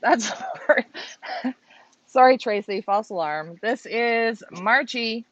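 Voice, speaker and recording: A woman's voice: on the high side, lively intonation, takes it slowly, a bit bright, dry recording. Chatty woman co-hosting a live stream. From Canada. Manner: chatty, joking, reads out names. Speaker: co-host of a live pigeon race stream. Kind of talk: casual live-stream chat. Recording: slightly dull lo-fi stream audio.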